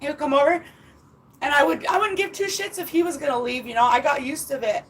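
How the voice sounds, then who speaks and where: A woman's voice: high-pitched, fast, a little hiss or hum, rough recording. A woman vlogging from home in a rambling, emotional way, swearing freely and close to tears. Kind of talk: casual chat to viewers. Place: at home indoors.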